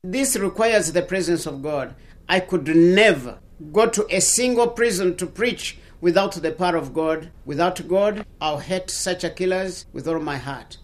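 Impassioned Rwandan bishop addressing an audience. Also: male voice, high voice. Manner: impassioned, rising to outbursts, heavy pauses. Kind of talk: emotional public reading and speech. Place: bookstore with audience.

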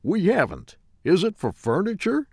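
A man doing a stubborn high-voiced upholsterer. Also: huge pitch swings, moderate pace, slightly rough, no echo, studio quality, exaggerated voice. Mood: insistent. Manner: insistent, high and loud. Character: stubborn, calm male upholsterer, shopkeeper. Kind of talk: scripted story reading.

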